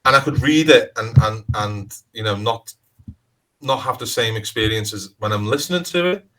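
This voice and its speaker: Scouse guy rambling in an interview, lots of you knows, bright punchy voice. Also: medium pitch, moderate pace, low-quality recording. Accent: Liverpool (Scouse). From Liverpool, England. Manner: rambling, restarts often, frequent "you know". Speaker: crime author, interview guest. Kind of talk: casual interview conversation.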